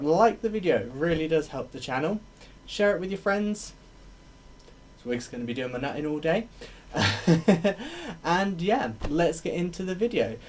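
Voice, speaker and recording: A man's voice: fairly high pitch, a little mellow. A young man in drag chatting to a camera at home, reviewing a TV episode in a rambling way, often laughing and correcting himself. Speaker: drag vlogger reviewing a TV show. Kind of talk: casual solo video review.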